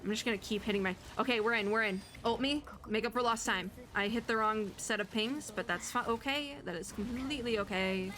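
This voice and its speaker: A young woman streamer giving chatty, giggly commentary while playing a game and reading its story aloud, breaking into excited squeals. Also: on the high side, brisk, few pauses. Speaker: VTuber streamer.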